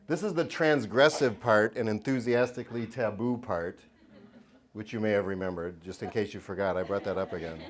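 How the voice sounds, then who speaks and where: Joking man giving a funny lecture. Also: lowish voice. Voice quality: joking, self-mocking, laughs often between lines. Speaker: children's book author giving a talk. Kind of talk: humorous lecture to an audience. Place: lecture hall at a university event.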